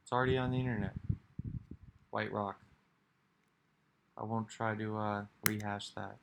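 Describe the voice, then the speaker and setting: Man, low voice, very slow, rambling and self-reflective, sighs between thoughts. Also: steady tone, gravelly, background noise. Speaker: video creator.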